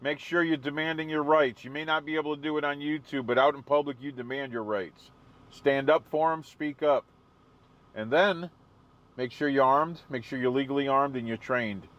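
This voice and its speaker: A man's voice: a little high, steady tone, normal speed, a bit bright, dull audio. A man hosting a live stream, chatting casually with viewers and answering their comments. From New England.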